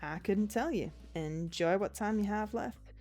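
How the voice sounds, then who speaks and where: A woman's voice: medium pitch, measured pace, darkish tone, faint music behind, lightly acted. A woman voicing a folksy, smug big male bartender spirit in a put-on, exaggerated American drawl, calling people little lady and sweetie while reading a visual novel aloud. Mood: warning.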